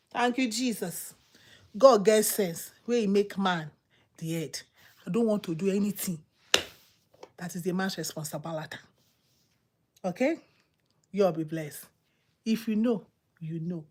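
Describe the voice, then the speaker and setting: A woman preaching a sermon in an emphatic, repetitive, exhorting manner, swinging between loud outbursts and low murmurs.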